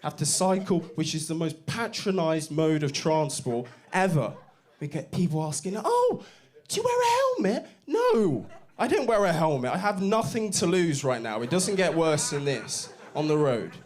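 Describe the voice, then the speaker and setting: A man's voice: on the high side, moderate pace. Brash, sweary young male stand-up. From Bristol, England. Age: young adult. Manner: brash, sweary, crowd-baiting. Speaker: stand-up comedian. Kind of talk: stand-up comedy set. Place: comedy club stage.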